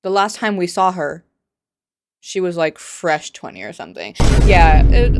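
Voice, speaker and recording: A woman's voice: lowish voice, big pitch swings, measured pace, a little mellow. A young adult woman giving sarcastic, incredulous commentary in a vlog. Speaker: commentary vlogger. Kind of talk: opinionated commentary.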